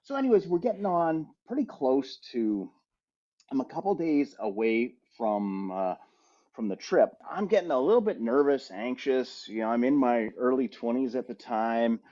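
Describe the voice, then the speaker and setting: A middle-aged man co-hosting a podcast, telling a rambling travel anecdote in a lively, casual way with frequent restarts. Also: mid-range voice, moderate pace. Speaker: podcast co-host. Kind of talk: casual storytelling. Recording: slightly muffled audio.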